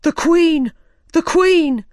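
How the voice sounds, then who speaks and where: A woman reading a story aloud, voicing a bossy, angry queen who shouts her orders. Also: high-pitched, animated, slow, dry recording, studio quality, pitched above the performer's own voice. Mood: shrill commanding. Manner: shouting, imperious.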